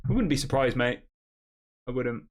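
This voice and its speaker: A man's voice: mid-range voice, lively intonation, normal speed. A young man chats through a live football stream, reading out viewers' messages and answering them. His talk is loose and conversational, full of "um" and "yeah" as he thinks aloud. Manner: conversational, reads chat questions aloud, frequent fillers. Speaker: live stream host reading fan chat. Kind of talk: casual match reaction live stream.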